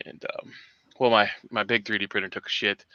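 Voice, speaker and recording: A man hosting a morning livestream, swearing through angry, shouting tirades. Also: fairly low pitch, flat delivery, brisk, dry recording, muffled recording. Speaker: host. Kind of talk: profane morning livestream rant.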